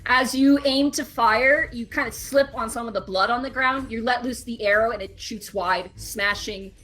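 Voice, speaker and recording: A woman narrating as game master of a tabletop game, lively and often laughing. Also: a little high, moderate pace.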